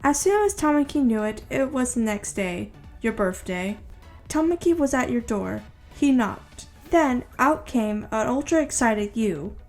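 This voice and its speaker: A woman's voice: on the high side, animated, unhurried, darkish tone, soft background music. Woman reading fan fiction aloud. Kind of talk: second-person fan-fiction narration.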